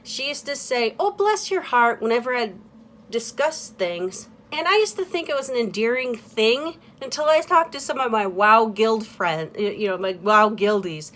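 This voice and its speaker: This woman's vlog is a casual confession delivered in a fairly high voice with lively intonation. She halts, restarts and uses lots of fillers, frequently trailing off into quiet.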